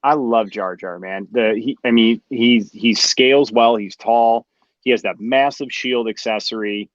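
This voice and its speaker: A man's voice: medium pitch, measured pace, dry recording, lo-fi sound. A man hosting a live show in casual chat, enthusiastic and reading out viewer comments. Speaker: host of a live collectors' show.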